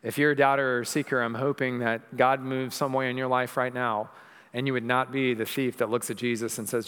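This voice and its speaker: Guy pastor preaching a sermon, earnest, gets loud and emphatic at times, big church echo. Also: mid-range voice, level tone, brisk, clean tone. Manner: earnest, builds to raised emphatic peaks. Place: church sanctuary.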